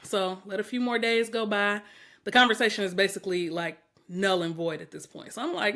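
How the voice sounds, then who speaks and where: A woman spins a dating story on a podcast in loose, profane, lively chat. She swears freely, laughs often and acts out the lines of everyone in the story. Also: mid-range voice, a little fast. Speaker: podcast host.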